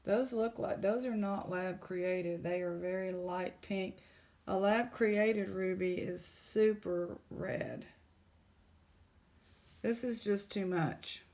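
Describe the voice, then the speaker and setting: A woman, casually chatting in a jewelry vlog, excited and exclaiming in shock. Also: medium pitch, slow. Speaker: jewelry unboxing vlogger.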